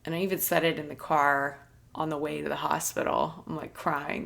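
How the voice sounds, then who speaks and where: A woman hosting a podcast, telling a personal story in an earnest, soft-spoken, reflective way with light laughs. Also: low-pitched, little pitch movement, moderate pace, gravelly. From United States. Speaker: podcast host.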